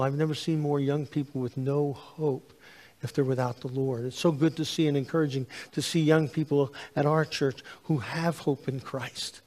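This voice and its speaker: A man, a pastor preaching a sermon, telling stories with lively acted-out dialogue. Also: a little high. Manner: animated storytelling, acts out dialogue. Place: church sanctuary. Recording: long hall reverb.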